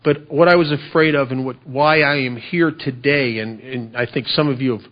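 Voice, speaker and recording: A middle-aged man giving a personal recovery talk at a convention, halting and earnest, often repeating his words. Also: mid-range voice, fairly even intonation. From United States. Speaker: recovery speaker. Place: convention hall. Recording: dull lo-fi convention recording.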